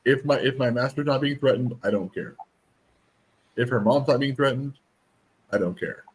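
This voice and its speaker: A man's voice: medium pitch, moderate pace, slightly rough, poor audio. A man chatting casually on a live stream, joking and acting out voices as he tells stories. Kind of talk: casual chat.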